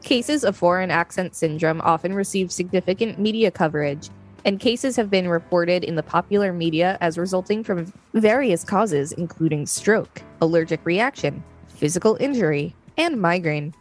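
Low-voiced woman reading steadily. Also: normal speed, soft background music. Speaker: podcast co-host. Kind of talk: casual podcast reading and chat.

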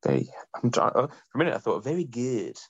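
A man's voice: medium pitch, very animated, slightly rough, no room sound. A man co-hosting a podcast, chatting casually in a playful way. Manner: playful, quick to laugh and guess. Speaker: podcast co-host. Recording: slightly dull, muffled sound.

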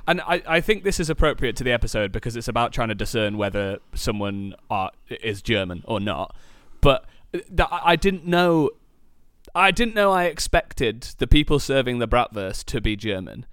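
Male co-host, smooth resonant voice, dry close sound, wry teasing. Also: mid-range voice, big pitch swings, normal speed, a bit bright, no room sound. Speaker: podcast co-host. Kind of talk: casual chat.

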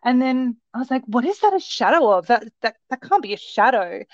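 A woman with a fairly high voice tells her story in a rambling, animated way, circling back with restarts. The recording is dry and close, with no room around her. The sound is dull and lo-fi. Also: a little fast, no room sound. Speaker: guest recounting a sighting. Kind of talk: casual storytelling.

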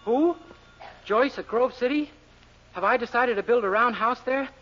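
A man's voice: very high-pitched, normal speed. A man playing a breezy, wisecracking young fellow posing as his boss, in 1940s radio comedy acting. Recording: dull 1940s radio broadcast, faint hiss.

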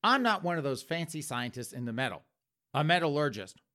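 A sleazy, defensive man, as a comedian puts him on, rattles off flustered, indignant excuses. His voice jumps about in pitch with a lively lilt. It carries a bright, pushy edge. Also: brisk.

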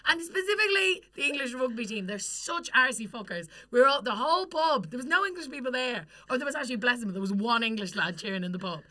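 A woman's voice: fairly high pitch, expressive, sharp tone. A young Irish woman co-hosting a podcast, telling stories in casual, sweary chat and laughing often. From Ireland. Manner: chatty, sweary storytelling, quick laughs. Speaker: podcast co-host.

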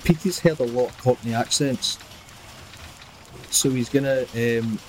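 A man's voice: mid-range voice, a little slow, darkish tone, slight background noise. A man, chatting playfully as a tabletop player. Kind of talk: casual tabletop game chat.

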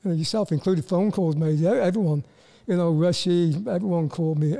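A Welsh man in his sixties, a guest in a casual interview, talking haltingly with many repeated words and a self-deprecating manner. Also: high voice, steady tone, gravelly, warm tone. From Wales. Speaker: guest, former footballer.

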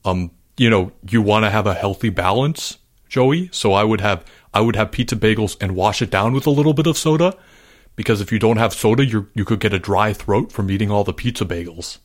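A man's voice: fairly low pitch, brisk, pitched below the performer's own voice, natural voice. A man voicing an earnest boy character who rambles a little, sounding somewhat distant from the mic.

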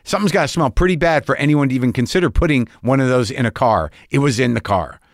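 A man's voice: mid-range voice, expressive, fast talker, no echo, clean studio sound. An older man hosting a podcast, telling a rambling story with wry exasperation and acting out both sides of the conversation. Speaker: podcast host. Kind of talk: storytelling monologue.

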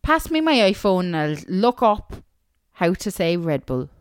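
A woman's voice: lowish voice, big pitch swings, unhurried, clean tone, dry recording, studio quality. A young woman, co-hosting a podcast in casual chat, teasing and sarcastic. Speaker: podcast co-host.

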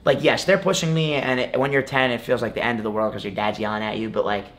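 A young man who is a college wrestler speaks fast as an interview guest, his medium-pitched voice a bit bright and his intonation fairly even. He rambles casually, using many fillers like "like" and "you know."

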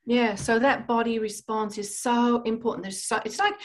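A woman's voice: a little high, steady tone, moderate pace. A woman therapist in a casual podcast conversation, explaining in a chatty way with frequent restarts and light laughs.

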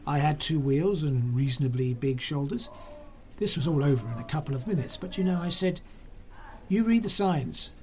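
Hospital worker telling a story, chatty and animated, mid-pitched voice, faint hiss behind. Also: a little fast. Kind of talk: documentary anecdote telling.

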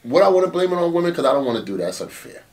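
A man who runs a battle rap league, telling stories in a casual interview, animated and swearing often. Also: on the high side, rapid-fire, distant mic. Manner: animated storytelling, frequent swearing and "you know what I'm saying".

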